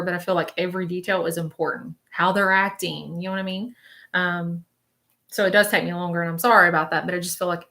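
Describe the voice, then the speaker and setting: Woman, spiritual medium, live-stream reading, bright clear voice, rambling, hesitant, frequent check-ins. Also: lowish voice. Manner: rambling, checks in with listeners with frequent "okay?" tags; describes visions in present tense, hesitant and searching.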